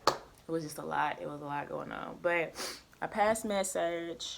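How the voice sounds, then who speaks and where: A woman's voice: sits low, normal speed, creaky, noisy background. A young woman, a nursing student chatting candidly and with a lot of swearing as she tells her story. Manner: candid, profane, animated retelling. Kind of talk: casual storytelling chat.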